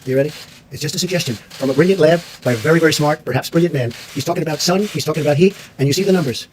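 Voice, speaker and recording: A man's voice: fairly high pitch, racing, a little hiss or hum. Combative man at a press briefing. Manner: combative, repetitive phrasing. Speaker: president.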